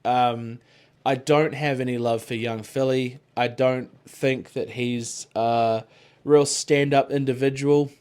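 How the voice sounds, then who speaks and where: A man's voice: medium pitch, fairly even intonation, slow, a little mellow, clean tone. Aussie guy rambling on a podcast, swears a lot, lots of likes and you-knows. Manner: rambling, swears freely, frequent filler words. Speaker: podcast co-host. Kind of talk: casual chat.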